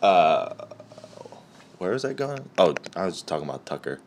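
A young adult man telling a rambling, profane story in a casual podcast chat, with deadpan asides. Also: low-pitched, normal speed, a little hiss or hum.

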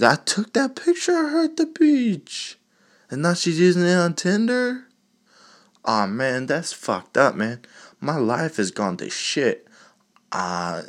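A man's voice: on the high side, pitched above the performer's own voice, heavily acted. A man voicing a young man, dumped and indignant, complaining in a comedy phone skit.

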